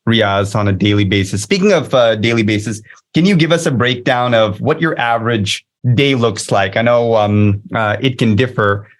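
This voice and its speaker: A man's voice: fairly low pitch, moderate pace. A man hosting an interview, curious and inquisitive as he asks questions. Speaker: interviewer, host. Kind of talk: casual interview talk.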